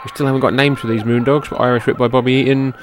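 A man with a British accent, a podcast host describing archive wrestling footage move by move in a relaxed way. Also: mid-range voice, very fast, background noise. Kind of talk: play-by-play over archive footage.

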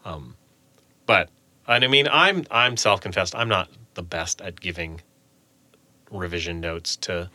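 A man's voice: low-pitched, unhurried, pauses often, no room sound. A man who runs a game studio, chatting casually on a podcast and acting out quotes with a raised voice. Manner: animated, acts out quotes in a raised voice. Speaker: game studio lead who hires contractors.

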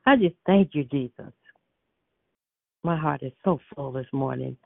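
A woman's voice: sits low, measured pace, vocal fry, no room sound. A woman leading a prayer line, praying fervently and repeating words of praise and thanks. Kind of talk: spoken prayer on a phone line. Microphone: phone. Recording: tinny phone line.

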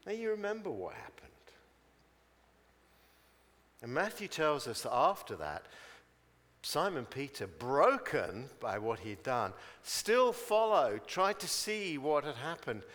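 A man's voice: fairly high pitch, very animated, measured pace, a bit bright, in a large hall. A man preaching a chatty sermon, telling stories and acting out their people in voices.

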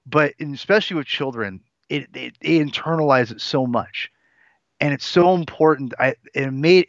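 A man in his forties co-hosts a casual podcast in a fairly high, fairly bright voice. He speaks earnestly but rambles, circling back and restarting often. The audio is dull and lo-fi, dry and close with no room sound.

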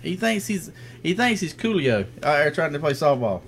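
Middle-aged male podcast co-host, a lively, animated storyteller with a slightly high voice. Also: normal speed, slight background noise. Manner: animated storyteller, acts out quotes, laughs a lot. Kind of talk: casual podcast banter.

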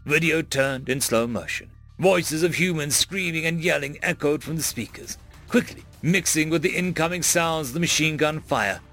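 A man narrating stories with an expressive, lively delivery. His voice is fairly high and gravelly. Soft music plays under his reading. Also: moderate pace. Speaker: story narrator. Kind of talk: reading fan stories aloud.

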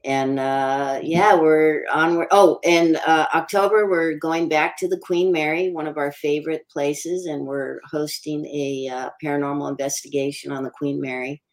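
A middle-aged woman, a paranormal investigator, speaking as a guest in a casual interview, pausing often with ums and uhs. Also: deep voice, fairly even intonation, low-quality recording. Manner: halting, many ums and uhs.

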